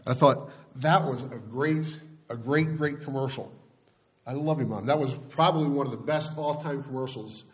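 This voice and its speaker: A man's voice: medium pitch, normal speed. A middle-aged man preaching a sermon as pastor, speaking in a conversational, folksy way with frequent restarts.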